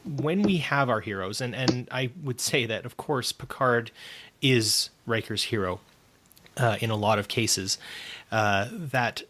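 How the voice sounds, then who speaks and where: A man hosting a podcast in casual chat, pausing often with ums and uhs. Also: mid-range voice, fairly bright tone. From Canada. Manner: hesitant, heavy on fillers. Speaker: podcast host.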